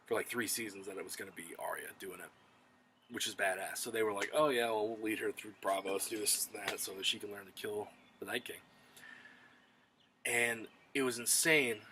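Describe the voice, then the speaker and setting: A man casually reviewing a TV episode, retelling the plot in an excited, profane, rambling way. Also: fairly low pitch, a little hiss or hum, poor audio. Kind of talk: casual spoken recap and review.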